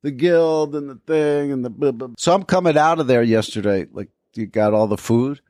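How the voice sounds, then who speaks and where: A man's voice: mid-range voice, normal speed, a little mellow, no room sound, clean studio sound. A man co-hosting a podcast in casual chat, rambling through anecdotes and acting out the people in them. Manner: rambling storyteller, acts out quoted people. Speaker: podcast co-host.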